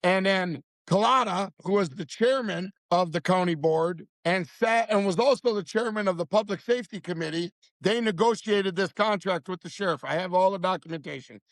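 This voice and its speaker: A man's voice: sits high, normal speed, hardly any pauses, no room sound. A man in his fifties telling a story as a podcast guest in a blunt, heated, profane way. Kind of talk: casual storytelling chat.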